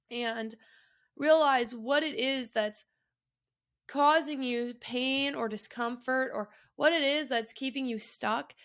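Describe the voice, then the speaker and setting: A woman's voice: sits high, a bit bright. A woman hosting her own podcast, talking candidly and emotionally, swearing freely and choking up at times. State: choked up at times. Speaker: podcast host. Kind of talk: personal solo podcast.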